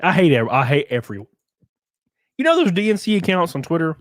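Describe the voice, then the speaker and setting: A man chatting on his livestream in a loose, excitable way, swearing freely as he talks. His voice rides somewhat high and leaps around a lot. The sound is dry and close. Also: brisk, no echo. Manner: profane, excitable, animated ranting. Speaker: livestream host reading viewer donations. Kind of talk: casual livestream chat and rant.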